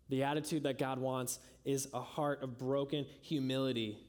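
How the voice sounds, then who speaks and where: A man preaching a sermon with earnest emphasis, climbing high on key lines and sinking soft and low at their ends. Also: flat delivery, moderate pace, few pauses. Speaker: pastor.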